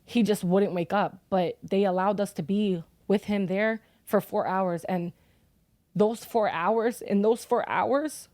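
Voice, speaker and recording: A woman's voice: mid-range voice, takes it slowly, a little mellow, no echo. A young woman telling, as a podcast guest, how she lost her son, talking bluntly and swearing often. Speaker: grieving mother as podcast guest. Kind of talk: emotional personal storytelling.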